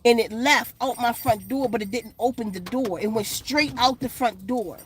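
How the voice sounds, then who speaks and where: A woman's voice: a little high, moderate pace, a little hiss or hum. A woman vlogger telling a story in casual, blunt, profane street slang, outdoors in the sun.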